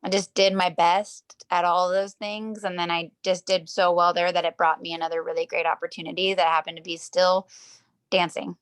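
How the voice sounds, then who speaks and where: A woman's voice: on the low side, little pitch movement, normal speed, smooth. A woman who works as a professional dancer, talking casually as an interview guest over a video call. She rambles through her stories, fills them with "like", and acts out what people said. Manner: rambling storytelling, heavy use of "like", acts out quotes.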